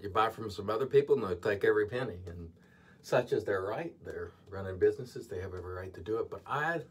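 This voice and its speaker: Low-voiced man chatting while shaving. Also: a little hiss or hum. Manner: chatty, digressive, earnest asides. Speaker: channel host reviewing shaving soap. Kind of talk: casual product review while shaving.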